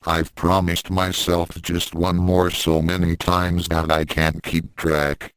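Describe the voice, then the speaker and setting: A man's voice: low voice, flat delivery, slow pace, clear, resonant tone, no echo, rough recording. A man reading fan fiction aloud and voicing a hot-tempered young fighter with a defensive, frustrated manner. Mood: guilty. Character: young martial artist boy, guilty and hot-tempered.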